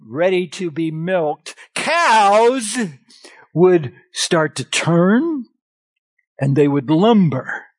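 A man preaching a sermon on scripture, animated and expressive, calling out like a shepherd at times. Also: dry recording. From grew up on a farm. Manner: animated, swings pitch, acts out shepherd calls.

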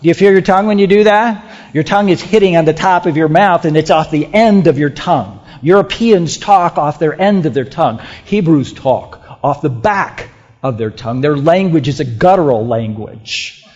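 A man preaching a sermon in a church, emphatic and repetitive, swinging between loud declarations and hushed asides. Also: a little high, animated, normal speed. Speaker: pastor. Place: church sanctuary. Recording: muffled, with long hall reverb.

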